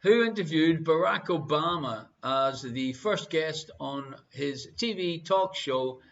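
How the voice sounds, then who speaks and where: A man with an Irish accent hosting a live online quiz, playful and repeating each question slowly. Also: fairly high pitch, lively intonation, highs cut off. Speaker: quiz host.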